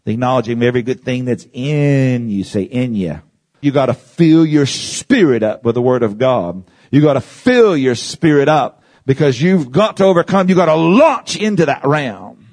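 A male preacher teaching a congregation and walking them through exercises step by step. He repeats his phrases, drops in "Amen" often and calls for the crowd to answer. His voice sits at an ordinary middle pitch. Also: expressive, moderate pace, darkish tone. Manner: guides the audience through exercises with call-and-response. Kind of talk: sermon teaching.

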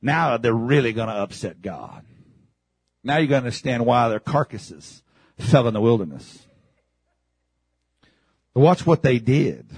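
A man preaching a sermon as pastor, swinging from shouted passages to hushed, low delivery. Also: very animated, measured pace, gravelly, pauses often, husky, no room sound.

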